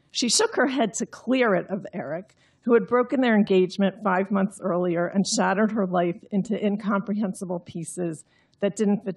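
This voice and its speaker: A woman author reads from her own novel in a droll, understated manner, then talks about it. Her voice is breathy and slightly husky. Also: medium pitch, darkish tone. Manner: understated, dry reading. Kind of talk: reading aloud, then answering questions.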